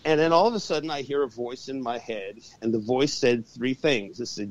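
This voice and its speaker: A man telling a story as a podcast guest, animated and swearing freely. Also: mid-range voice, moderate pace, hardly any pauses, no echo. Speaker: guest, urban shaman and exorcist. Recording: dull lo-fi podcast audio.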